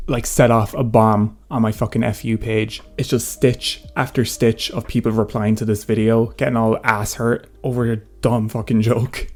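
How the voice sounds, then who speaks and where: A man's voice: fairly low pitch, little pitch movement, normal speed, few pauses, a little mellow, faint music behind. A nineteen-year-old man giving a sarcastic, profane commentary rant in a casual way. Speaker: commentary YouTuber. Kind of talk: ranting commentary.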